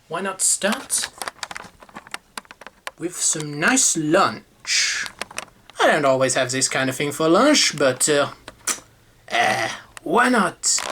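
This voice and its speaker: Man, casual home vlogger, halting delivery with lots of ums, slow. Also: fairly high pitch, pushed and bright, slight background noise. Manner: slow and halting, many fillers, chuckles often. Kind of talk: casual chat to camera over lunch.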